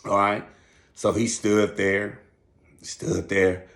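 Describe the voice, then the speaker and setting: Older guy w a gray beard talking calm n slow about discipline, lowish voice. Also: vocal fry. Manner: calm, measured, preachy storytelling. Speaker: school teacher and channel host. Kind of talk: casual talk to camera.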